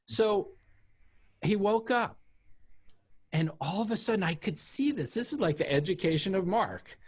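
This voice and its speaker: A man's voice: high-pitched, unhurried, breathy edge. A man speaking as an interview guest, telling a personal story in casual conversation and acting out the voices of the people in it. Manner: animated storyteller who acts out quoted voices. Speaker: interview guest, author and former cult member.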